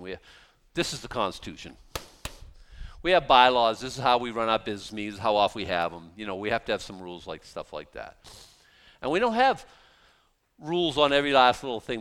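A man's voice: fairly low pitch, a bit bright, clear, resonant tone. A middle-aged man, a pastor preaching a sermon in a conversational way, asking rhetorical questions and acting out quoted voices.

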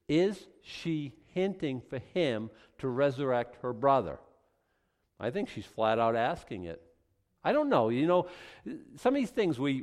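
A man preaching a sermon, acting out little scenes and swinging between loud outbursts and hushed asides. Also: mid-range voice. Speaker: pastor.

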